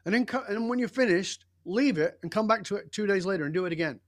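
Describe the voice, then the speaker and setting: An older man speaking as an interview guest, his voice sitting a touch higher than most men's. He tells his story with blunt, emphatic intensity and a hint of profanity, in a dry, close recording with no room sound. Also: fast talker, no room sound. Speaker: podcast guest.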